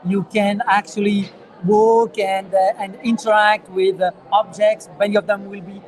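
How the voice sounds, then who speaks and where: A man with a French accent answering interview questions as a founder, earnest and halting with fillers. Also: sits high, flat delivery, low-quality recording. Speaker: startup founder, guest. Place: conference venue.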